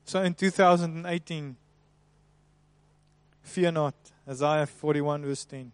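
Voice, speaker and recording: A man preaching a sermon, swinging between soft, hushed passages and loud, emphatic ones. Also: a little high, fairly even intonation, a little slow, long pauses, smooth, dry recording.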